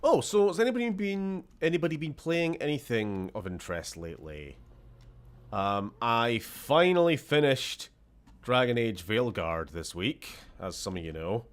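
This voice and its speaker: A man's voice: mid-range voice, very animated, a little slow. A man from Scotland giving casual gameplay commentary as a streamer, sarcastic and jokey, swearing freely.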